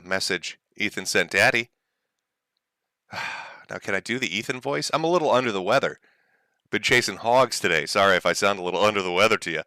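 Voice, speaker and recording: Sarcastic male streamer, lively and bright. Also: fairly high pitch, no echo. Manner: sarcastic, mocking, often laughing. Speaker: streamer host. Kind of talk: mocking livestream commentary.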